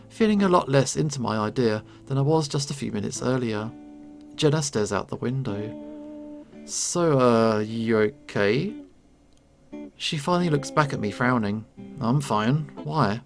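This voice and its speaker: A man reading a visual novel aloud, voicing the narration and the characters' lines with light pitch changes. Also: gravelly. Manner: reads narration and dialogue, lightly shifting pitch between characters. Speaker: game narrator.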